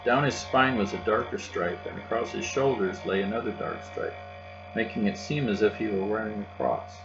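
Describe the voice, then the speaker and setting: A man reading a children's novel aloud in a steady, gentle narration. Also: lowish voice, moderate pace, creaky. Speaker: audiobook narrator. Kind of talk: children's book read aloud. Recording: dull lo-fi with faint music and hum.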